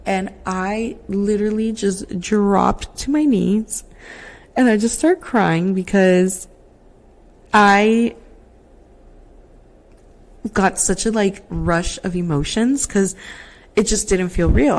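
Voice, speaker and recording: A young woman hosting a podcast, telling her own story in a casual, emotional way with lots of fillers, recorded on a laptop mic at home. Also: medium pitch. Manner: emotional, chatty, many fillers and "like". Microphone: laptop microphone.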